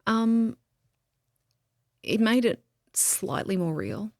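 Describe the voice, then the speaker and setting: A woman guest on a podcast, telling a deeply personal story in a halting way, with many pauses and restarts. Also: big pitch swings, darkish tone, no room sound, clean studio sound. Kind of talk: emotional interview, personal story.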